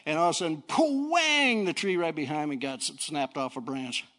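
A middle-aged male preacher giving a folksy sermon, swinging from low talk to fiery shouting. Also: quick pace. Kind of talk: sermon with personal story.

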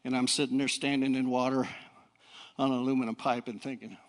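A middle-aged male preacher giving a folksy sermon, swinging from low talk to fiery shouting. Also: little pitch movement, brisk. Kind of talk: sermon with personal story.

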